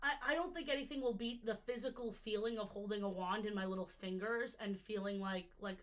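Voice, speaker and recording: A woman's voice: medium pitch, brisk. A young woman from New York chatting casually on a livestream, jokey and easily sidetracked, her voice a little worn out. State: slightly worn-out voice. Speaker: streamer ranking water parks.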